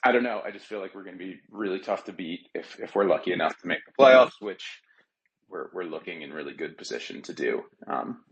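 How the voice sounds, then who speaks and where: A man's voice: low voice, lively intonation, brisk, a little hiss or hum, poor audio. A man calling in to a fan podcast, talking earnestly and a little ramblingly about his team. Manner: earnest, a bit rambling, many fillers. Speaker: caller, regular contributor. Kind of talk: casual call-in chat.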